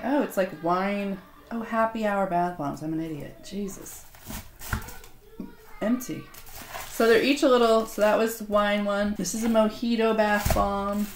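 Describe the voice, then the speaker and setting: Sarcastic woman unboxing stuff at home, mid-pitched, roomy echo, bit of background hiss. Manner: sarcastic, self-mocking banter. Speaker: author unboxing a gift box. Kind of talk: casual unboxing vlog. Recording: roomy echo, faint noise.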